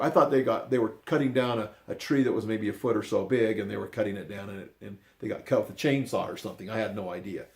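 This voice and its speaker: An older man telling a personal story in a rambling, unscripted way, often restarting his sentences and dropping into quiet asides. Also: lowish voice, creaky. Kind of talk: casual spoken storytelling.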